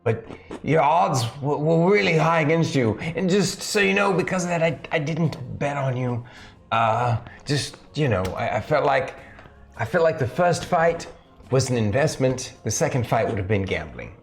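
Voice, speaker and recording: Man putting on an excited, chatty arena gambler. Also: mid-range voice, normal speed, close to an everyday voice. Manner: eager, chatty, thrilled. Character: excitable male arena patron, cheerful gambler.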